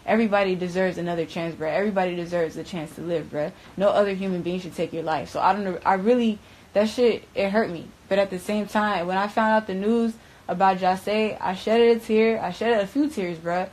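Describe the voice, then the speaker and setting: Guesting on an interview, a young adult woman from Broward County, Florida, candidly tells a story in a steady, medium-pitched voice that is slightly fast and darkish. The audio is poor, and her talk comes in profane, slangy bursts with frequent "bruh."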